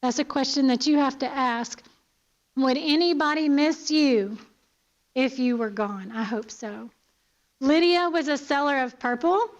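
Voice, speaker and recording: A woman's voice: high voice, a little slow, highs cut off. A woman teaching a Bible lesson in church, earnest, asking her listeners pointed questions and often checking in with "okay?".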